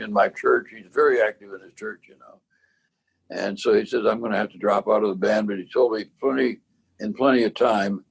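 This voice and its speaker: Gravelly, husky man in his nineties. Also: lowish voice. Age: 90s. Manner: rambling, halting storyteller with many restarts. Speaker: bandleader and cornet player. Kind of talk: casual interview, reminiscing.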